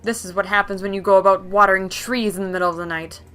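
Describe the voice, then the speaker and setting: A woman voicing a sneering game villain who shouts threats. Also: mid-range voice, steady tone, quick pace, close to an everyday voice. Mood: gloating. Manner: loud, sneering. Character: gloating menacing villain ambushing a rider.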